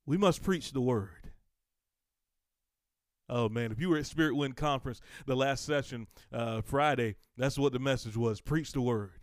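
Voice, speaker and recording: A man's voice: medium pitch, normal speed, no room sound, studio quality. A man preaching on his podcast in a fervent way, building to emphatic outbursts and repeating phrases for force. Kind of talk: sermon podcast.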